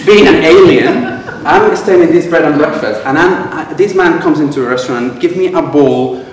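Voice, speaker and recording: A man from Venezuela with a Venezuelan Spanish accent, giving a humorous speech at a club and pausing for laughs as he tells stories. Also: a little high, a crowd in the background. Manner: storytelling with quoted exchanges, pausing for audience laughs. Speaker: club speaker. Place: club meeting room. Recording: echoey room, miked from a distance.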